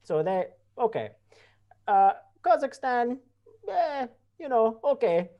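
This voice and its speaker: A bumbling, self-important president rambles through a speech in broken English with a mock Russian accent, voiced by a tabletop player. His pitch swings widely and animatedly as he goes. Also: big pitch swings, slow, dull audio. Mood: pompous. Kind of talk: in-character speech in a tabletop role-play.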